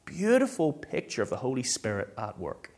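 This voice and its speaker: A man, a pastor preaching a sermon in a lively, conversational way. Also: mid-range voice, normal speed.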